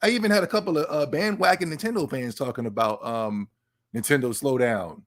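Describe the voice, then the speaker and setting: A man hosting a casual livestream podcast, excitable and stammering, talking to his live chat. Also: medium pitch, brisk. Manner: animated, excitable, repeats and stammers. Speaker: podcast host.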